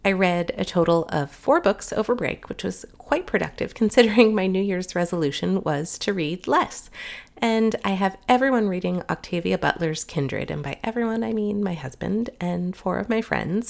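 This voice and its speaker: A woman's voice: on the low side, vocal fry. A middle-aged woman hosting a podcast in a chatty, upbeat monologue, sounding nasal from a cold. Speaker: podcast host.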